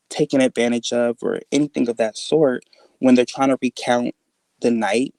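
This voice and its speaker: Man haltingly recounting a strange night. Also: vocal fry, darkish tone, no echo. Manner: rambling, halting, many fillers and restarts; acts out quoted dialogue in a raised pitch. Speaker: guest telling a personal encounter story. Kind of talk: casual spoken recounting.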